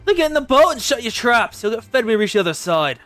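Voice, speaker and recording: A man's voice: high voice, lively intonation, measured pace, no room sound, soft background music, voice pushed up. A man doing a snarling, bullying slaver. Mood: threatening. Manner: snarling, shouted threats. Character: brutal male slaver, cruel and bullying. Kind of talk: reading game dialogue aloud.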